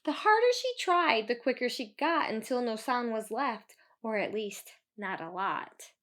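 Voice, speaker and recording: A woman's voice: a little high, animated, unhurried, fairly bright tone. A woman reading a children's book aloud, stopping for chatty asides to explain the story to kids. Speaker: storybook reader.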